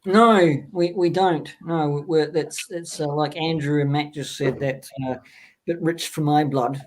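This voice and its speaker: A man's voice: fairly high pitch, steady tone, measured pace, a little hiss or hum. A man on a video call panel, teasing the others in a playful casual chat.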